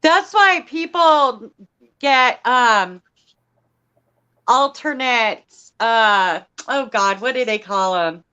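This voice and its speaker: A woman co-hosting a live crochet show, chatting casually and slowly searching for her words. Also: fairly high pitch, expressive, bright, forceful tone, smooth, dull audio. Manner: slow and searching for words, with fillers. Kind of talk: casual live-stream chat.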